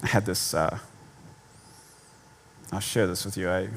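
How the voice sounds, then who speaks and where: A man's voice: low voice, steady tone, a little slow, a bit bright, slight background noise. A man giving a sermon in a conversational way, with self-deprecating humor and repeated points for emphasis. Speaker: pastor.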